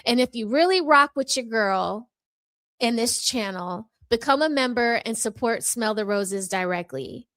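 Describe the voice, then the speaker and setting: A woman's voice: fairly high pitch, lively intonation, unhurried, a bit bright, no echo. A woman hosting her own channel, giving an impassioned commentary with a sassy, emphatic, mock-courtroom delivery into a microphone. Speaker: channel host.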